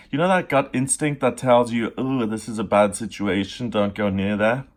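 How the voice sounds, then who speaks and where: Male tarot reader, mid-range voice, casual and lively, drops into quick character voices. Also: mid-range voice. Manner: chatty and animated, acts out little voices for card figures. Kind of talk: casual spoken tarot reading.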